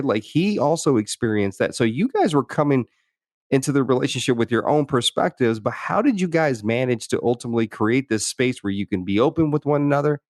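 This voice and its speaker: A man's voice: mid-range voice, darkish tone, no echo, clean studio sound. A man hosting a podcast, talking through personal stories in a thoughtful way, with many restarts and "you know"s. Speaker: podcast host. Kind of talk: reflective interview conversation.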